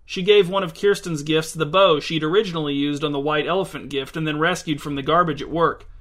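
Male narrator for a storybook reading, bright, somewhat high voice. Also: fairly even intonation, a little fast.

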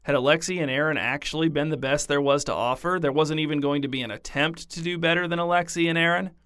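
A man narrating a story in a deadpan, scripted reading. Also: fairly high pitch, fast, clean tone, no room sound, studio quality.

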